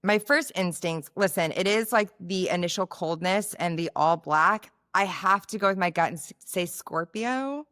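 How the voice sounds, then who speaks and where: Playful gushing woman cohost, kinda low voice, casual chat. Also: normal speed, few pauses, fairly bright tone. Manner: gushing, playful, lots of fillers. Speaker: podcast co-host.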